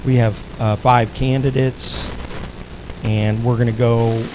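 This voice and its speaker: A man's voice: medium pitch, level tone, takes it slowly, background noise. A man organizing a candidate forum, giving loose, rambling announcements with many restarts. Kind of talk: casual announcements.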